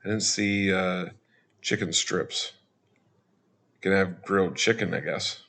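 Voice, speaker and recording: A man's voice: deep voice, fairly even intonation, a little slow, gravelly, bright, forceful tone. A man talking casually over a walkthrough as a travel vlogger, chatty, with joking asides.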